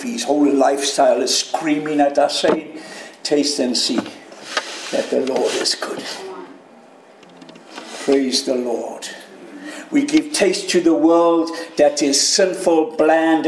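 Male pastor, high voice, slow lively preaching, reverberant sanctuary. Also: slight background noise. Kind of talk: sermon. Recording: echoey room.

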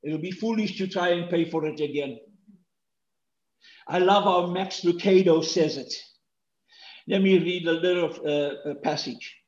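A male pastor preaching a sermon, swinging from hushed tones to shouts and repeating key phrases for stress. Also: sits high, measured pace, pauses often, echoey room, lo-fi sound.

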